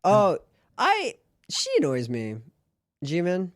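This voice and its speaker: A man co-hosting a podcast in casual chat, quick to react and share strong opinions. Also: high-pitched, wildly swooping pitch, no echo, clean studio sound. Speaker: podcast co-host.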